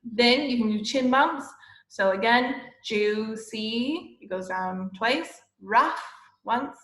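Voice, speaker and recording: A woman teacher giving a lesson to young children, explaining slowly and patiently and often checking with "okay?". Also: fairly high pitch, a bit bright. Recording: echoey room.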